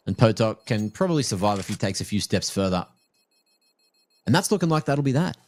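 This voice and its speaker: A man's voice: lowish voice, very animated, a little fast, slight background noise. A man casting a live video game match, giving chatty, joking play-by-play from a headset mic. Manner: chatty and joking, teases players and viewers. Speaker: esports caster.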